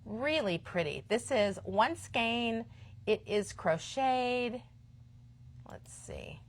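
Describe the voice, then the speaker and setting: Chatty fifty-something woman hosting a yarn shop live stream, upbeat, sometimes goes quiet for little asides. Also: fairly high pitch, animated, drawn-out words. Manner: chatty, enthusiastic, often drops to a quiet aside. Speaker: shop host. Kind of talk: live-stream product chat.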